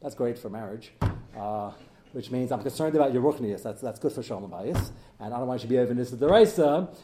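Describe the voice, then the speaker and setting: A man teaching a Talmud class as a rabbi, animated and joking, his voice jumping up and down as he mixes in Hebrew study terms. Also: brisk. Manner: animated, swings in pitch and loudness. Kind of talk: lively Talmud lecture with jokes.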